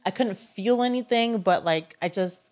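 A young woman co-hosting a podcast, telling a personal story in a casual, animated way with many "like" fillers. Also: mid-range voice, normal speed. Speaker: podcast co-host.

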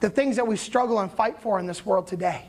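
A pastor preaches casually, retelling an old story in everyday language. The delivery is animated and conversational, with frequent check-ins to the listeners. It sounds like a friendly sermon rather than a formal one. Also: mid-range voice, a little fast, a little hiss or hum.

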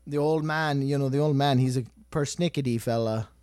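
A man chatting casually on a podcast, animated and swearing freely. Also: mid-range voice, a little fast, a crowd in the background. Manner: animated, swearing, quoting people in put-on voices.

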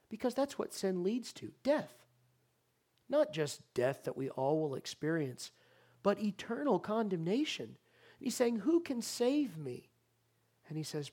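A male pastor delivers a sermon in a church sanctuary. His preaching is impassioned, ranging from loud exhortation to quiet, earnest appeal, and he often turns to question his listeners directly. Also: high voice, very animated, normal speed.

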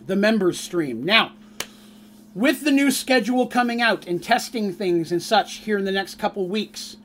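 A man's voice: sits high, a little hiss or hum. A man who runs a tabletop game on stream, chatting casually with his audience in an upbeat, teasing way.

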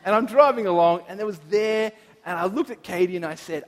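A man in his thirties preaches, his voice sitting high for a man. He speaks in a personal, earnest way and reflects on his own life. His words ring out with a long reverb, as in a large church hall. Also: expressive, brisk. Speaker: pastor. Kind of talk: sermon.

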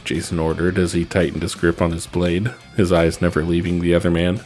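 A man reading fan fiction aloud in a steady, even narration. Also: deep voice, fairly quick, few pauses, soft background music. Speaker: reader.

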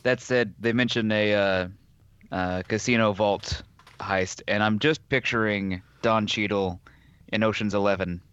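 A man co-hosting a casual chat, tossing in joking deadpan asides. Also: on the low side, unhurried, clean tone, dry recording. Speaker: podcast co-host. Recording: slightly dull, dry.

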